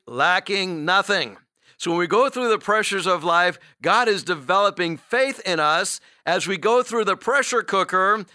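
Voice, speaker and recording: A man's voice: sits high, bright, forceful tone, clear, resonant tone, no echo, clean studio sound. A man preaching a sermon, earnest and encouraging, with rhetorical questions to the congregation. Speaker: pastor.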